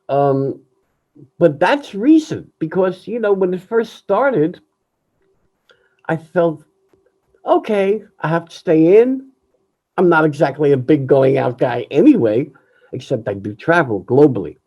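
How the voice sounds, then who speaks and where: An older man, a jazz pianist, speaking candidly over a video call in an emotional, reflective way, often halting and restarting. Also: fairly high pitch, darkish tone, breathy edge, rough recording. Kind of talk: candid personal talk.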